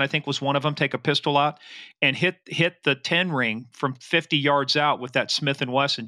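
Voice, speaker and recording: A man's voice: a little high, bright, forceful tone, no room sound, studio quality. A man hosting an interview podcast, a former trooper, talking in a chummy, eager way and asking leading questions. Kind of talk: casual interview chat.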